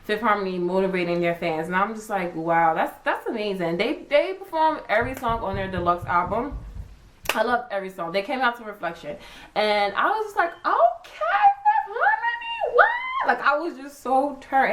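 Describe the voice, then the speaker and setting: A young woman vlogger chatting casually, acting out her own reactions with big jumps in pitch. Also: slight background noise, rough recording. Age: young adult. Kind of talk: casual chat.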